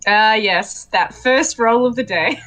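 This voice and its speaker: A woman's voice: fairly high pitch, fairly bright tone, poor audio. A woman playing in a tabletop game, hesitant and giggly, describing her character's actions. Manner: giggly, hesitant, lots of ums. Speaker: player.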